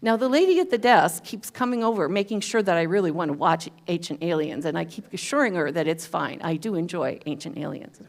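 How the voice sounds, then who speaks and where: A woman's voice: lowish voice, lively intonation, brisk, few pauses. A woman giving a talk at a spiritual center, telling a personal story in a chatty way with self-deprecating humor. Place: church hall.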